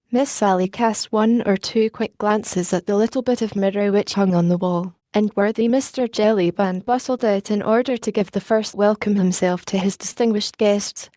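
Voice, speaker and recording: A woman narrates an audiobook in a measured, even storytelling manner. Her voice is dark and mellow. The recording is dry and close. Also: mid-range voice, no room sound.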